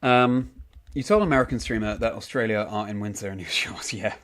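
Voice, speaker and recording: A man's voice: lowish voice, fast talker, a bit bright. A young man streaming a game, casually reading out and answering chat messages with frequent ums. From United Kingdom.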